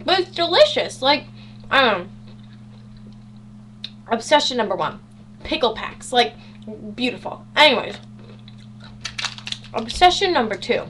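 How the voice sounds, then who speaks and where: A bubbly teenage girl vlogging from her room, her voice sitting a little high as she jokes about herself with a dry, sarcastic edge. A faint hum runs under the webcam audio. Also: sing-song, a little slow, long pauses, a bit bright. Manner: bubbly, sarcastic, self-mocking. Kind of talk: casual chatty vlog. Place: home bedroom.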